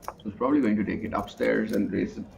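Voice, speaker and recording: A man's voice: fairly low pitch, fast, vocal fry, a little mellow, a little hiss or hum. A man with an Indian accent giving chatty, analytical live poker commentary, often restarting his sentences. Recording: muffled lo-fi sound.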